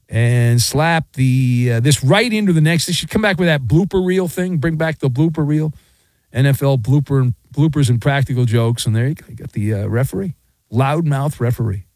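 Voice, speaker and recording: A man's voice: mid-range voice, a little mellow, no room sound. A middle-aged man hosting a sports talk radio show, ranting in a sarcastic, mocking way. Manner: sarcastic, mocking, acts out quoted voices.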